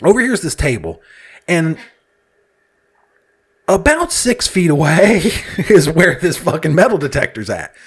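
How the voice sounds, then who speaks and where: A man's voice: a little high, very animated, a little slow, long pauses, slightly rough. A man telling a casual, comedic story, swearing freely and laughing at his own exasperation as he acts out other people's lines.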